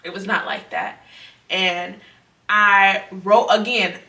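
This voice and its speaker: Slow and sharp-toned, with a medium pitch and fairly even intonation, a young woman gives an earnest faith testimony. She talks conversationally and circles back to the same points. The recording is roomy, mic placed far off.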